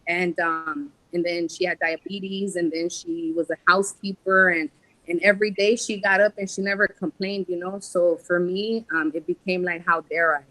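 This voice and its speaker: A woman guest in an interview, telling her life story frankly with streetwise slang and halting pauses. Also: lowish voice, steady tone, pushed and bright, low-quality recording. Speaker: guest, casting company founder. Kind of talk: candid personal storytelling in interview.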